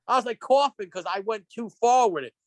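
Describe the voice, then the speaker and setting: A man as a podcast guest, telling stories in an excitable, rambling way, full of restarts and acted-out quotes. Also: high-pitched, fairly quick, dry recording. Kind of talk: casual storytelling chat. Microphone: podcast microphone.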